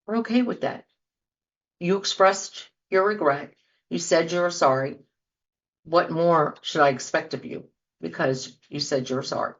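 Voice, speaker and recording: A woman's voice: fairly low pitch, fairly bright tone, lo-fi sound. A woman hosting a show, talking casually to her listeners and acting out example apologies as she goes. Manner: conversational, acts out sample apologies. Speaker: podcast host. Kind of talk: casual talk, speaking to listeners.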